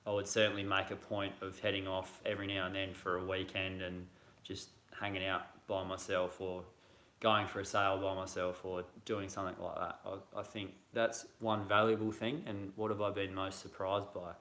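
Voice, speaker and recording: A man talks in a casual livestream, easygoing and thoughtful, often pausing to find his words. His voice sits a little low but sounds bright and forward. The room around him is echoey. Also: level tone, slight background noise. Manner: easygoing, thoughtful, pauses to think. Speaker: sailing vlogger co-host. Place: indoors at home.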